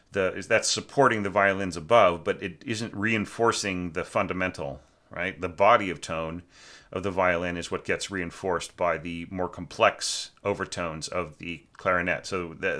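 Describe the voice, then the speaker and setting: A man's voice: low-pitched, fairly even intonation, moderate pace, pushed and bright. A man teaching orchestration, talking through a student's score in a loose, chatty way, with many fillers and snatches of sung phrases. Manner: chatty, full of fillers, sings phrases to illustrate. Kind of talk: informal spoken critique of a score.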